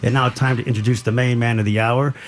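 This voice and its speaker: A man's voice: medium pitch, steady tone, fast talker, a little hiss or hum. A man co-hosting a talk radio show from a studio, chatting casually with lots of fillers and restarts. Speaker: radio co-host and producer.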